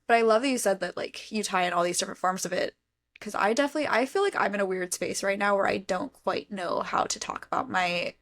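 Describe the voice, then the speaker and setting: A woman's voice: mid-range voice, a bit bright. A woman hosts a laid-back podcast conversation. Her voice sits in an ordinary middle register, and she rambles reflectively, circling her thoughts with frequent fillers. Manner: rambling, reflective, heavy use of "like". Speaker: podcast host. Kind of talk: casual chat.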